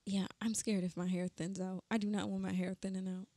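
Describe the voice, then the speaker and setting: A woman's voice: medium pitch, level tone, brisk, dark tone, dry recording. A young woman co-hosting a podcast in casual chat, playful and laughing often. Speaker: podcast co-host.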